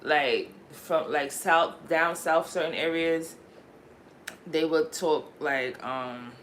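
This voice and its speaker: Livestream host, woman, New York accent, just woke up; loose, rambling chat over faint background noise. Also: deep voice. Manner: rambling, chatty, drawn-out fillers.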